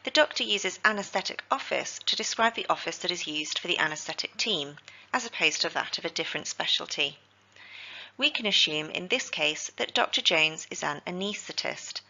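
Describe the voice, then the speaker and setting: A woman, teaching healthcare vocabulary in a scripted lesson, with slow, careful pronunciation drills. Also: fairly low pitch, vocal fry, pushed and bright, lo-fi sound.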